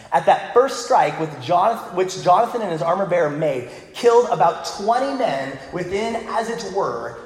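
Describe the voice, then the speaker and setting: A male pastor preaching a sermon in a casual, joking way, with playful voiced asides. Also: fairly high pitch. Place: church sanctuary. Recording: echoey hall with long reverb.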